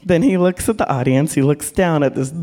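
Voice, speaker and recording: Lively, frank woman storyteller. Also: low voice, fairly quick. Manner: frank, animated, acts out voices. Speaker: porn director. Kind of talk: live storytelling to an audience.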